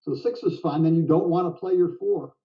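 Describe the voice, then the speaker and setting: An older man calling a game live, chatty and full of quips, with a slightly high voice. He sounds set back from the mic, and the audio is dull and muffled. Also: distant mic. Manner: chatty, jokey, quick to laugh. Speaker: backgammon commentator.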